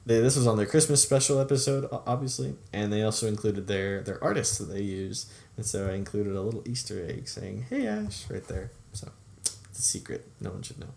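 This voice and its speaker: This young man's voice sits on the low side with a darkish tone as he casually talks through his old YouTube videos. Chatty and upbeat, he laughs often and lets his words trail away.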